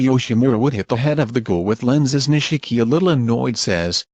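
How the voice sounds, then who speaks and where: A male text-to-speech voice narrating fan fiction in an even, machine-like way. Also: medium pitch, moderate pace, few pauses, no room sound.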